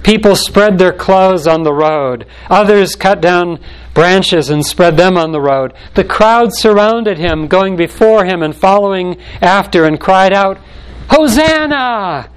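Emphatic preacher man, slightly high voice. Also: smooth, poor audio. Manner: measured, emphatic preaching with slow stressed phrases. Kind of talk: sermon.

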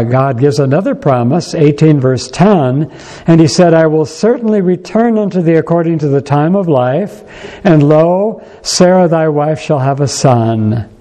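A man preaching a sermon in a church, unhurried and thoughtful, pausing often and restarting his sentences. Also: medium pitch, creaky, dark tone, poor audio.

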